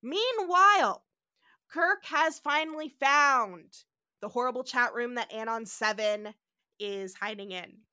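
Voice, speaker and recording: Bright-voiced woman, brisk podcast recap. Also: on the high side, clear, resonant tone, no room sound, clean studio sound. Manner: animated, acts out quoted lines, swears casually. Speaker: podcast host. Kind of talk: casual chat recapping an episode.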